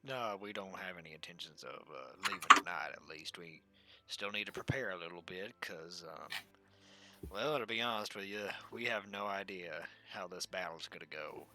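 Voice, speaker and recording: A man playing a courteous, folksy adventurer in a tabletop game, soft-spoken and protective. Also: low voice, normal speed, exaggerated voice. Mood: polite.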